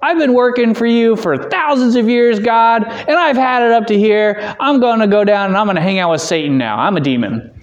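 A man's voice: a little fast, few pauses, muffled recording, natural voice. A man doing a fed-up angel quitting heaven. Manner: exasperated, high and loud, mock-complaining.

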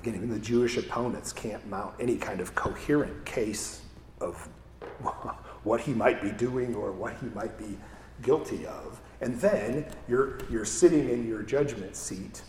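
Pastor, male, low voice, chatty sermon delivery with frequent "right?", roomy hall with long reverb. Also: measured pace, a little mellow, slight background noise. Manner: conversational, asks "right?" often, repeats words. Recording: echoey hall with faint ambience.

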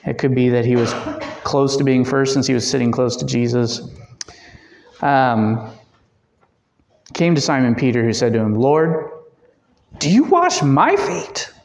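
A man's voice: medium pitch, steady tone, moderate pace, gravelly, pauses often, a little mellow, slight background noise. A man leading a Bible study discussion, talking conversationally with fillers and self-corrections. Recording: echoey room.

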